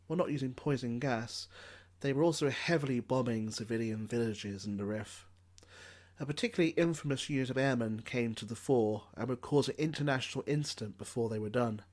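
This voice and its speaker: A man with an everyday mid-range voice reads a scripted history narration. He delivers it steadily, then slips in dry, sardonic asides along the way. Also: mid-range voice.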